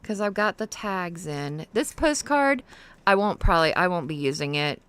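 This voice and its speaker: A woman's voice: fairly low pitch, very animated, normal speed, a bit bright. A middle-aged woman hosting a crafting livestream, chatting casually and rambling with fillers as she works. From Ohio, US. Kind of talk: casual chat while crafting.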